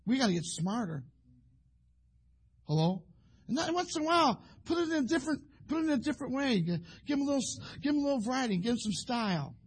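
A rambling preacher man delivers a folksy sermon and slips into acting out husbands and wives. His voice sits high for a man. It has a husky, slightly breathy edge. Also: sing-song, fast. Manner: folksy, rambling, acts out quoted couples.

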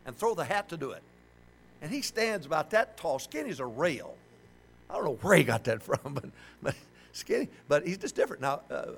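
With a fairly high pitch and vocal fry, an older man delivers a sermon. He jokes animatedly and leads call-and-response with the congregation.

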